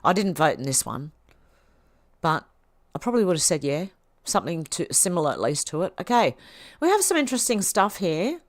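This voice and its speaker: A woman's voice: lowish voice, sing-song, fairly quick, no echo, studio quality. A woman hosting a livestream, reading posts aloud and reacting in a chatty way. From Australia. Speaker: livestream host.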